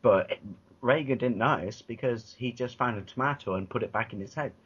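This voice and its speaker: An English man co-hosting a casual podcast chat, telling rambling animated stories with lots of restarts and swearing. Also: medium pitch, fairly quick, breathy edge. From England. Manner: rambling, animated storytelling with many restarts and profanity. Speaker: podcast co-host. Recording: dull lo-fi podcast audio.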